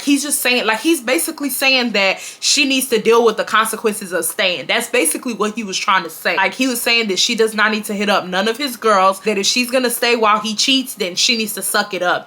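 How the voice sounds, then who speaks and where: Bright-voiced young woman telling a story. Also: medium pitch. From Houston, Texas. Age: 20s. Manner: animated, acts out quoted dialogue, addresses viewers as y'all. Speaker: storytime vlogger. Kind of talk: casual storytelling to camera.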